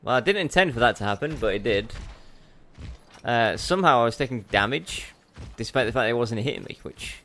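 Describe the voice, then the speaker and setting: A man's voice: mid-range voice, animated, fairly quick, bright, forceful tone, slight background noise. A man hosting a let's play, giving chatty, self-mocking commentary as he plays and talking back to the game. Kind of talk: gameplay commentary.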